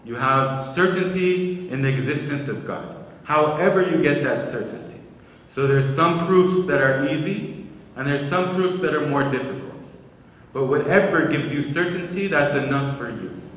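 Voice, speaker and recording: A man giving a religious lecture, explaining ideas in a measured way and restarting phrases as he goes. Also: fairly high pitch, a bit bright. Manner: measured, explanatory, repeats words when restarting. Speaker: Islamic lecturer. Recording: echoey hall, speaker far from mic.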